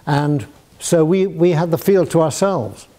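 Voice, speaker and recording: Older guy, mellow voice, chuckly storyteller answering students' questions. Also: fairly high pitch, lively intonation, measured pace. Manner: chuckling, acts out quoted voices. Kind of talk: anecdotal Q&A storytelling. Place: university lecture hall.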